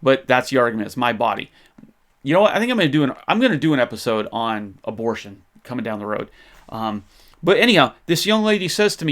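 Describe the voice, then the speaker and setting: A man's voice: medium pitch, big pitch swings, quick pace, fairly bright tone. A man hosting a faith podcast, talking in an impassioned, conversational way with frequent restarts. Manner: impassioned, gets fired up. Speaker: podcast host. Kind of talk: faith-based history commentary.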